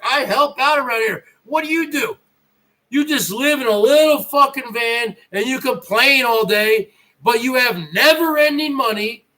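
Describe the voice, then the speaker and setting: Vlogger, middle-aged man from northern New Jersey, profane mocking rant, slow drawling delivery. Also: extremely high pitch, sharp tone. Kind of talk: ranting monologue.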